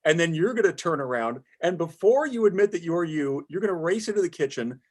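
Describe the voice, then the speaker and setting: A male host with a husky, slightly high voice that swings up and down a lot. He chats casually and throws in wry, quick quips. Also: lively intonation, a little mellow. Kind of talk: casual chat.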